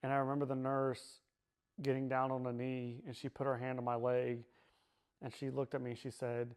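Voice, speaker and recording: Flat-voiced man recounting a painful memory. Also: medium pitch, clean tone. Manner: halting, repeats himself, many fillers. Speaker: survivor sharing his personal story. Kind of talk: personal testimony.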